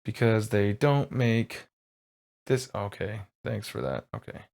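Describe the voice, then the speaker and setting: A man's voice: on the low side, slow pace, vocal fry, darkish tone. A man running a tabletop game as game master, narrating casually with lots of fillers and rambling asides.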